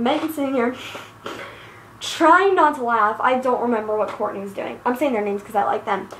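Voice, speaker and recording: A teenage girl rants with profane exasperation in a bright, high voice. She rambles from point to point, recorded on a handheld device's built-in mic in an echoey room. A faint hiss sits under her voice. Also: a little fast. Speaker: vlogger. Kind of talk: angry personal rant. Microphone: iPod built-in mic.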